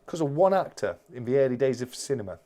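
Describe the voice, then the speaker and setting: A man's voice: mid-range voice, sing-song, quick pace, mellow. A man hosting a casual live-stream chat, reading out viewer comments and rambling with many restarts.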